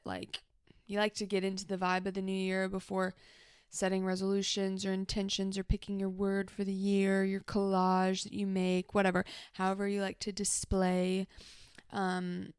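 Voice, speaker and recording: Recording from her home office, a therapist hosts her own podcast, chatting casually, rambling, and dropping little asides to herself while sounding slightly out of breath. Her voice is medium-pitched and clean, captured in a dry, clean studio sound.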